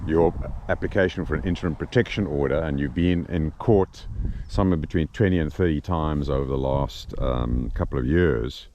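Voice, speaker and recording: A South African man with a very deep voice narrates and puts questions to a guest. His delivery is measured and scripted. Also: mellow, slight background noise. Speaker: interviewer and narrator.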